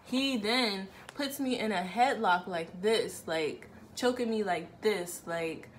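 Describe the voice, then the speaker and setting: A woman's voice: medium pitch, measured pace, few pauses, a little hiss or hum. A woman, casually telling a personal story to camera on her channel and acting out both sides of an argument. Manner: frequent "like" fillers, conversational.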